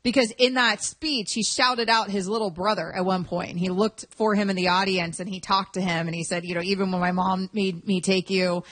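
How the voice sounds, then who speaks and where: A woman co-hosting a sports radio show, chatty and animated, teasing her co-host. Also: mid-range voice, brisk, few pauses, no room sound. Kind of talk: casual sports talk.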